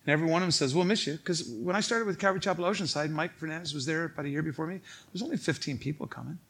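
A high-pitched man preaches from the pulpit, his tone bright and forceful as he acts out quick little voices for the people in his stories. He keeps chuckling through his own anecdotes. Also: breathy edge. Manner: animated storytelling, acting out others' lines. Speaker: pastor. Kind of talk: sermon.

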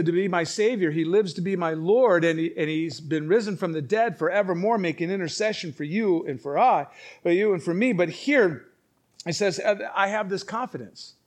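Emphatic higher-voiced male preacher. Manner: emphatic, swinging from quiet to loud. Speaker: pastor. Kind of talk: sermon.

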